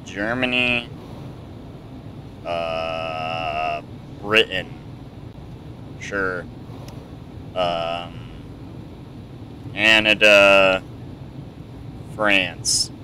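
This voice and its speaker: A man's voice: deep voice, extremely slow, long pauses, background noise. A young man giving casual let's-play commentary, mumbly and hesitant with many ums, sometimes yelping up into panicked no-no-nos. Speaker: gameplay streamer. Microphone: desk mic with webcam.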